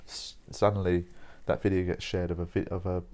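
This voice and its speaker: A man's voice: sits low, level tone, a little fast, darkish tone. A young man rambling casually over coffee, informal and sweary, dropping "mate" and "like" as he talks. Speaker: podcast host.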